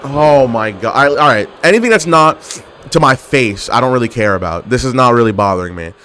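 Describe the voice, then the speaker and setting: A man's voice: medium pitch, expressive, a little fast, sharp tone, a little hiss or hum. A young man giving live gameplay commentary, trash-talking his opponents and getting exasperated with the match. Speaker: gaming commentator.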